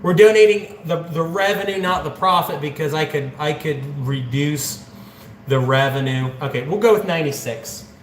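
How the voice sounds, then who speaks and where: A man's voice: a little high, moderate pace, slight background noise. A man from central Ohio hosting a casual livestream, chatting and joking while he counts money aloud. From central Ohio, USA. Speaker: livestreaming channel host. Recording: echoey room with faint background ambience.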